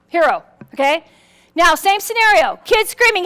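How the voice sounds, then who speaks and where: A woman giving a lively workshop talk on personality styles to an audience, acting out quotes with big swings in her voice and sometimes restarting her words. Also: fairly quick. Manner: animated, acts out quotes with big pitch swings.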